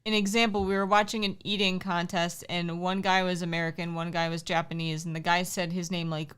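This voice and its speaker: A woman's voice: lowish voice, flat delivery, a little fast, fairly bright tone, clear, resonant tone. A woman in her thirties co-hosting a casual livestream, chatty and teasing, reading viewer comments aloud. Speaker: livestream co-host. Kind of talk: casual chat.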